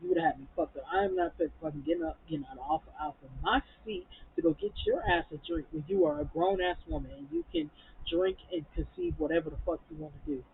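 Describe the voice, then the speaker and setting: A woman's voice: lowish voice, animated, fast talker, gravelly, a little hiss or hum. A woman reviewing a reality TV episode in a blunt, profane, heated way, acting out quotes from the show. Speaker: reality TV recap vlogger. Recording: tinny phone-like audio.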